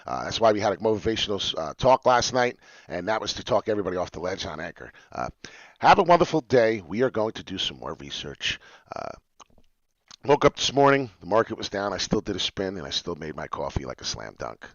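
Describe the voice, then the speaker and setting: A man streaming live to his followers, excitedly walking them through crypto price charts in casual talk. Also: sits low, a little fast, no room sound. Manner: excitable, talks straight to followers. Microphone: webcam mic, seen on stream. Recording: dull lo-fi dry stream audio.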